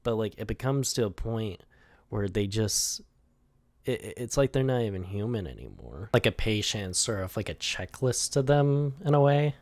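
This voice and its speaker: Low-voiced young man rambling and laughing. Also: very animated, moderate pace, darkish tone, dry recording. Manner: rambling and laughing often, swearing, heavy use of "like". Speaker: animator walking through his storyboards. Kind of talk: casual storyboard commentary.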